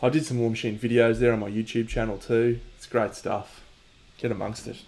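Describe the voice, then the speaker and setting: A man's voice: medium pitch, flat delivery, fairly quick, background noise. A man with an Australian accent, casually chatting to viewers on his stream while painting, joking and mock-boastful, swearing freely.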